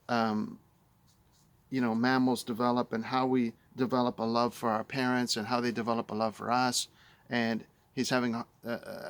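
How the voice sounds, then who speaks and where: A man giving a casual spoken book review, conversational with fillers, growing emphatic as he argues. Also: mid-range voice.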